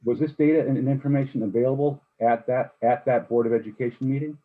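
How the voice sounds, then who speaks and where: A board member questioning officials at a public meeting, speaking haltingly with frequent restarts. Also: male voice, mid-range voice, fairly even intonation. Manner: halting, many restarts and repeated words. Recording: husky voice on a tinny phone-like line.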